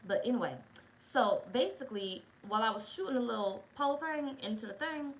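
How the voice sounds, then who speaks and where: Fast-talking, blunt, profane woman. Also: fairly high pitch, animated, slight background noise, low-quality recording. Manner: blunt, profane, rambling storytelling. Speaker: tarot reader. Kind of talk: casual story time.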